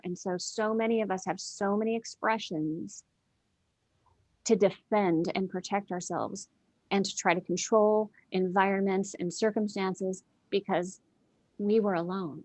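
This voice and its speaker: A woman's voice: mid-range voice, fairly even intonation, unhurried, darkish tone, no echo. A woman, a guest in a heartfelt spiritual conversation over a video call, speaking earnestly and repeating phrases for emphasis.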